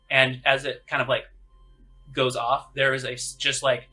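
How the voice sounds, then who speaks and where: A man's voice: mid-range voice, little pitch movement, normal speed, bright, forceful tone, husky, poor audio. A man narrating as game master of a tabletop game, in a casual, rambling way with many fillers.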